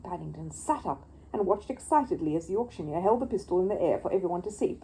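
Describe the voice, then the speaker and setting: Woman storyteller, children's book reading, expressive and lively, mellow tone. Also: on the low side, quick pace, a little hiss or hum, low-quality recording.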